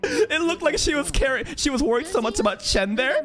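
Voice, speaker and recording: A man reacting live to an anime episode, excitable and profane, swinging between loud outbursts and low muttering. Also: fairly quick.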